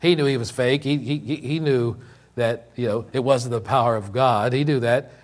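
A man delivers a sermon at an ordinary middle pitch, teaching from scripture in an unhurried way. He drives his points home by repeating lines and stretching out key words, with the occasional filler and restart. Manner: repeats key lines for emphasis, with many slow, drawn-out words. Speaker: pastor.

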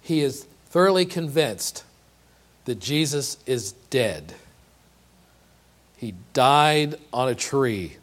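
A man's voice: medium pitch, lively intonation, slow, long pauses. A man preaching a sermon, earnest and emphatic, often repeating and restarting words and asking rhetorical questions. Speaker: pastor.

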